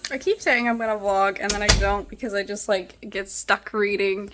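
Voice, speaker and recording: A young woman vlogging in a casual, rambling way, sounding low and tired, trailing off into fillers. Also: fairly even intonation, normal speed, hardly any pauses, fairly bright tone, slight background noise. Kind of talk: casual vlog chat.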